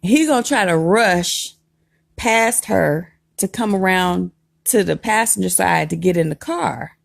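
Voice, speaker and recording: Brief: low, gravelly woman, lively emphatic storytime delivery. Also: a little slow, no room sound, clean studio sound. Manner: animated, emphatic, laughs while telling. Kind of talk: casual storytime vlog.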